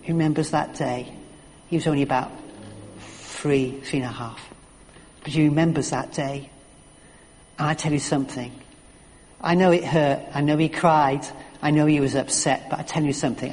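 A man's voice: on the high side, fairly even intonation, moderate pace, long pauses, a little mellow, big-room sound, slight background noise. A middle-aged man preaching a sermon in an earnest, story-telling way, with frequent restarts and fillers.

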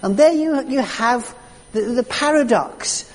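A preacher delivering a sermon with slow, emphatic storytelling. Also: mid-range voice. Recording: echoey hall reverb.

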